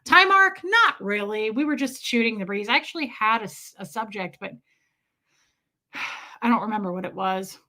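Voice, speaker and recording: A woman's voice: mid-range voice, normal speed, long pauses, sharp tone. A woman chatting casually with viewers on a live stream, laughing often and greeting people by name.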